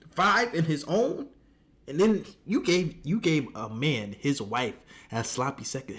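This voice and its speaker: A man giving comedic reaction commentary, mocking and animated, jumping into high squeals of disbelief.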